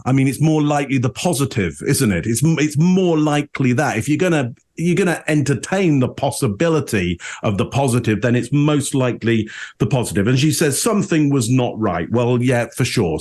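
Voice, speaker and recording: A man on a behavior analysis panel, explaining deception cues casually and acting out quoted tones as he goes. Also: mid-range voice. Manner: animated, acts out quoted tones.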